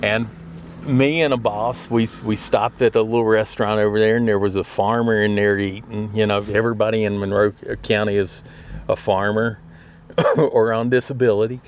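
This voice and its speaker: A man's voice: on the low side, fairly even intonation, moderate pace. A middle-aged man, telling rambling, folksy stories and often laughing. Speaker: storyteller. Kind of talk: casual storytelling.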